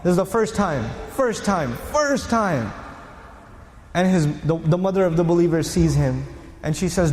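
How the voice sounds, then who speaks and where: A man giving a storytelling religious lecture to a live audience, animated and firing rhetorical questions at the listeners. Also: fairly high pitch, moderate pace, echoey room, big-room sound. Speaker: Islamic lecturer.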